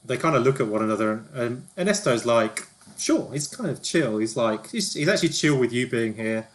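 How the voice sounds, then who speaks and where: A man narrating a tabletop game as game master, halting often with ums and restarts. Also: mid-range voice, expressive. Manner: hesitant, lots of ums and restarts.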